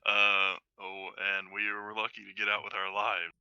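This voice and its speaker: A man's voice: fairly low pitch, completely flat delivery, normal speed, bright, forceful tone, clean tone, no room sound. A man playing a tabletop game on stream, delivering wry, earnest speeches in character. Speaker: player. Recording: dull lo-fi mic.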